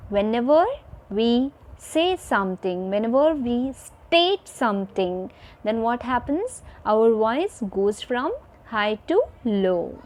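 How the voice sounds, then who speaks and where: A woman's voice: fairly high pitch, animated, slow pace, a little mellow. A woman teacher giving a recorded video lesson to children, repeating each point and checking in with "fine" and "okay".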